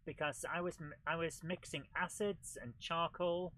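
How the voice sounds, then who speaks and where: A man hosting a retro gaming show, giving chatty, excitable commentary while he plays. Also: fairly high pitch, normal speed, poor audio. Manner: chatty and excitable, with frequent laughs and exclamations. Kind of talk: live gameplay commentary.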